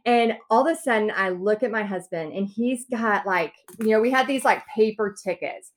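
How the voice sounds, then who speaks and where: A woman's voice: mid-range voice, moderate pace. A woman guest telling her own story in a podcast interview, acting out quotes with big swings in her voice.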